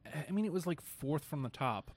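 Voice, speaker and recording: A man from Chicago co-hosting a casual wrestling podcast, talking in an easygoing, steady way. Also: a little high, moderate pace. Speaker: podcast co-host.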